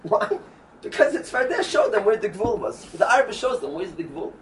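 High-pitched rabbi w telling a torah story, halting restarts, mic far off. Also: male voice, sing-song. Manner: storytelling, mixing Yiddish and Hebrew terms, with halting restarts. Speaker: rabbi teaching a Torah class. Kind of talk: Torah lesson. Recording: distant mic with faint background noise.

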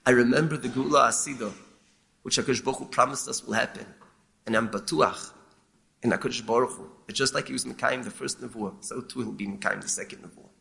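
Male rabbi, gravelly voice, bright tone, slow halting delivery, Torah lesson. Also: medium pitch, steady tone. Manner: measured and halting, with repeated words. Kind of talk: explaining a lament text, mixing Hebrew terms.

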